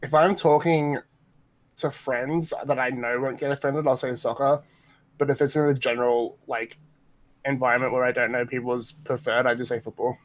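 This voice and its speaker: An Australian man at a middle pitch, talking casually on a stream. He is playful and laughs easily, often at his own expense. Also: level tone, moderate pace, low-quality recording. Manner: playful, laughing, self-mocking. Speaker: guest on a stream. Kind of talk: casual chat.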